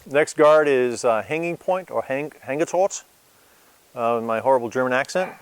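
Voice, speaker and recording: Relaxed man talking through sword guards. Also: medium pitch, clear, resonant tone, no echo. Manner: relaxed and hesitant, with many fillers. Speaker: sword instructor. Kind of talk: casual demonstration lesson.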